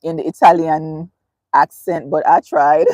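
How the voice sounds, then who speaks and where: A woman's voice: low-pitched, steady tone, measured pace, warm tone, no room sound. A woman hosting a casual live stream, reading viewer comments aloud, chatty and laughing often. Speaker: livestream host.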